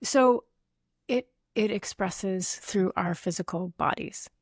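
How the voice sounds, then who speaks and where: A woman's voice: mid-range voice, slow pace, no echo, clean studio sound. A woman pediatrician, a guest on a podcast, explaining earnestly with everyday analogies. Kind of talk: conversational interview.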